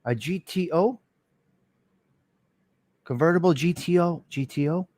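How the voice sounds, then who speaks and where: A man's voice: a little high, measured pace, a little mellow, no room sound. Chatty New man spinning old stories. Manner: rambling, repetitive, profane storyteller talking to viewers by name. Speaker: live stream host. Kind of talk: casual live-stream storytelling.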